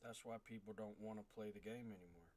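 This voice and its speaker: A man's voice: on the low side, steady tone, fast talker. A man streaming a tank game, ranting bluntly and with some profanity as he plays. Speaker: gaming streamer. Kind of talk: gameplay commentary. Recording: game noise loud underneath.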